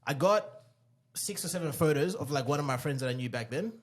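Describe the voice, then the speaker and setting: Man, podcast co-host, dating advice, emphatic, repetitive, somewhat high voice. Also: lively intonation, brisk. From Australia. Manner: emphatic, repeats key phrases, acts out voices in anecdotes. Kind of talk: animated storytelling advice.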